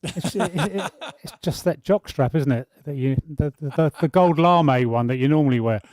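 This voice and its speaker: A man's voice: fairly high pitch, moderate pace, darkish tone, no echo, clean studio sound. A man from England hosting a casual live stream, teasing his guest and laughing easily. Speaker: host.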